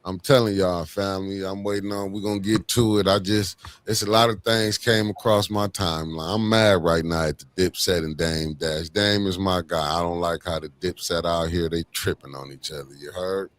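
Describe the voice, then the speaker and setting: A deep-voiced man hosts a casual livestream chat. He talks in loose slang and greets his viewers one by one by name. His tone stays low and easygoing. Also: steady tone, moderate pace, hardly any pauses. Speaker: livestream host.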